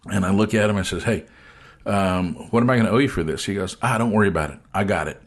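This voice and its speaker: A man hosting a casual chat, telling an animated story and acting out the voices of the people in it. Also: on the low side, fast talker. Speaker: host.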